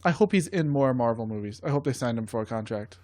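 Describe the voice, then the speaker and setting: A man's voice: medium pitch, lively intonation, fast, darkish tone, no room sound, studio quality. A man guesting on a casual podcast, giving blunt, offhand opinions on movies. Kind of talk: casual chat.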